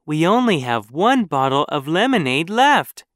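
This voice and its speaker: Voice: mid-range voice, sing-song, a little slow, a bit bright, dry recording. A storybook reader voicing Katie, a cheerful, eager young girl who talks in an upbeat, encouraging way. It is recorded close and dry.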